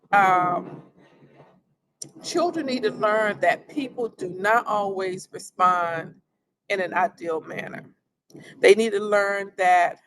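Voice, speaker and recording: A middle-aged woman giving a parenting workshop in a calm, conversational way, often repeating phrases. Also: mid-range voice, gravelly. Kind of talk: instructional talk.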